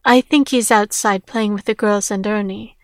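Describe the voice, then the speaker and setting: A woman's voice: mid-range voice, steady tone, normal speed, no echo, clean studio sound, lightly acted. A woman reading the lines of a protective, caring mother figure with an urgent, alarmed manner, in a storybook reading. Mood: easy.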